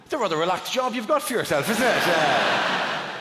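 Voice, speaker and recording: A man with an Irish accent doing stand-up crowd work, teasing an audience member in rapid banter full of swearing. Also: sits high, big pitch swings. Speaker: stand-up comedian. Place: large theatre. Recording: echoey live theatre recording. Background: loud audience laughter.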